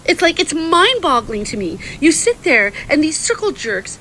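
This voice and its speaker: A woman in the middle of an angry monologue, firing off profanity-laced complaints one after another. Her voice sits a little on the high side. She sounds heated and relentless the whole way through. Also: big pitch swings, bright, forceful tone, a little hiss or hum, low-quality recording. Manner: heated, profane, rapid-fire venting.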